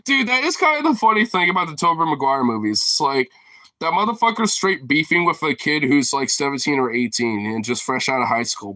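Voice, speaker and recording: A man's voice: mid-range voice, pushed and bright, dry recording. A man in casual chat who rambles, swears freely, leans heavily on filler words and laughs often as he talks. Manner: rambling, profane, heavy on fillers; laughs often while talking. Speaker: streamer host.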